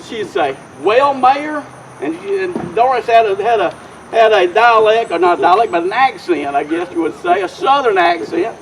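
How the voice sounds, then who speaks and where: A man's voice: high voice, big pitch swings, moderate pace, slight background noise, poor audio. A man speaking as mayor at an outdoor park dedication, telling a folksy, rambling story and often restarting his sentences. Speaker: mayor giving a dedication speech. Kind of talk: informal public speech.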